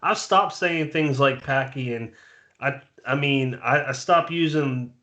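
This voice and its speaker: A man's voice: mid-range voice, unhurried, sharp tone. Casual Massachusetts man, podcast host. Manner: casual, swears freely.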